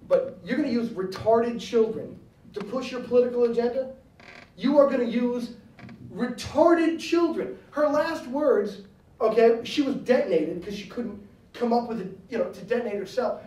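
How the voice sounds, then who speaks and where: A man's voice: high voice, a little mellow, echoey room, recorded from a distance, rough recording. A man giving a blunt, joking and combative speech to students at a university. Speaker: guest speaker. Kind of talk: animated campus speech. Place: university lecture hall.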